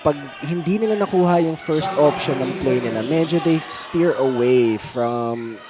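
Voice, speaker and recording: A man's voice: on the high side, moderate pace. A man with a Filipino accent giving live analysis of a basketball game, mixing English and Filipino. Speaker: color commentator. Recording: noisy arena broadcast.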